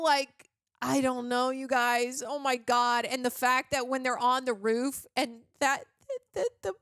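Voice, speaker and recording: A woman with a fairly high voice gives a rambling, animated movie reaction, full of asides and fillers. The sound is close and dry, with no room in it. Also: no room sound. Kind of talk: casual movie reaction commentary.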